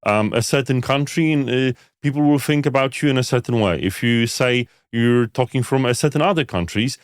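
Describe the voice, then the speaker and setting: A man co-hosting a podcast, talking in an animated, filler-heavy way and asking rhetorical questions. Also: medium pitch, fairly quick, clean tone, dry recording, clean studio sound. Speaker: podcast co-host. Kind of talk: casual podcast discussion.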